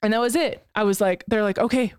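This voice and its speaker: A woman's voice: medium pitch, fast talker, clean tone, no room sound, clean studio sound. A woman in her thirties telling a personal story as a podcast co-host, frank and emotional, swearing casually.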